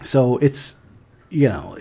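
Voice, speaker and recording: A male podcast co-host chatting casually about film and TV. He is excitable and swears freely. His talk is peppered with "like.". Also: medium pitch, slow, vocal fry, slightly rough. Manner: excitable, swears a lot, many "like" fillers.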